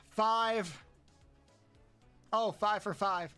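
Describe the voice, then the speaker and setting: A man streaming a game, counting aloud, swearing often and yelping high when frustrated. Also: pushed and bright, clean tone. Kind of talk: casual live-stream chat while playing.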